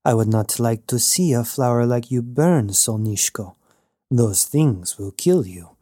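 A man reading an audiobook, voicing a sly, charming male pirate with a smooth, unhurried manner. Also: mid-range voice, very animated, dark tone, no echo, studio quality. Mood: smooth, teasing.

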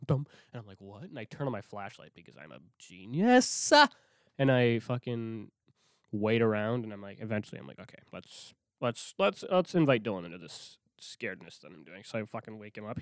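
A young Minnesota man hosts, recounting a spooky childhood story in a casual, animated way, swearing often and dropping to a whisper whenever he quotes himself. His voice is mid-range, captured dry with studio quality.

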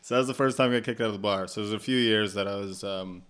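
A young man with a flat, deadpan voice, a comedian telling stories and swearing in casual chat. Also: lowish voice, very fast, smooth. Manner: swearing, animated storytelling. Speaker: podcast host and comedian.

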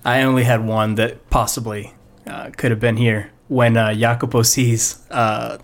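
A man's voice: medium pitch, a little slow. A man co-hosting a film podcast, casually recounting scenes and acting out quotes. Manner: animated storyteller, acts out quotes. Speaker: podcast co-host. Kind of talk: casual film discussion chat.

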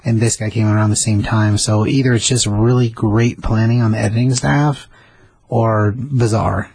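A man with a lowish, flat, husky voice explains a comic series in casual chat. He talks plainly and uses fillers. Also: moderate pace, no room sound. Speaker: comic book podcast co-host.

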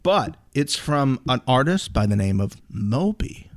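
A man's voice: mid-range voice, sing-song, measured pace, slight background noise. A man co-hosting a podcast, chatting casually, joking and swearing now and then. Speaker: podcast co-host. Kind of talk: casual chat.

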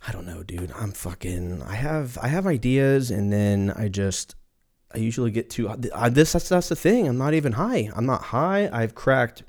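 A man hosting a casual solo podcast, rambling off on tangents, swearing freely and laughing at his own jokes. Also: medium pitch. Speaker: podcast host.

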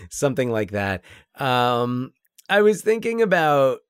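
A man's voice: medium pitch, big pitch swings, slow, clear, resonant tone, no room sound, clean studio sound. A man in casual conversation about films, hesitant, with many restarts and fillers. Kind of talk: casual film discussion.

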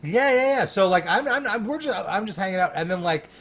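A man telling a story in a casual chat, animated and laughing, full of fillers and restarts. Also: high voice, a little fast. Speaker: guest.

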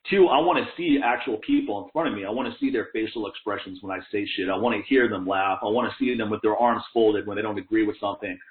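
A man's voice: on the low side, fast talker, hardly any pauses. A man talking in a casual, profane, fired-up way, swearing often and laughing as he talks. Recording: tinny phone-like echoey sound.

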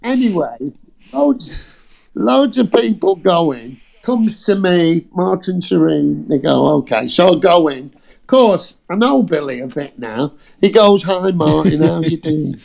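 A man, an actor telling an audition story in a casual, animated way, acting out the quotes and swearing freely. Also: on the high side, measured pace, vocal fry. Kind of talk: casual anecdote on a podcast.

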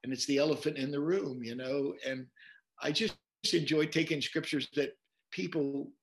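Male pastor guest, slightly high voice, animated preacher-style storytelling in conversation. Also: moderate pace. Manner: animated storyteller, repeats words while quoting scripture.

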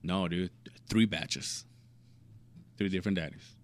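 A man in his late thirties chatting casually, telling stories in an animated way and swearing freely. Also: low-pitched, a little slow. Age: 30s. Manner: animated storyteller, swears freely, laughs at himself. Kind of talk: casual chat.

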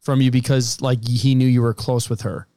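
A man's voice: medium pitch, little pitch movement, normal speed, warm tone, no echo, studio quality. A man co-hosting an interview, asking probing follow-up questions. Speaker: podcast co-host. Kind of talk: casual interview.

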